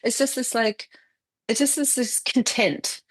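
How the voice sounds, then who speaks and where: A woman's voice: a little high, measured pace, slightly rough, no room sound. A middle-aged woman hosting a casual chat, telling stories animatedly and acting out quoted exchanges, with frequent restarts. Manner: animated storyteller, acts out quoted exchanges with bursts of laughter; many restarts and repeated words. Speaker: podcast host.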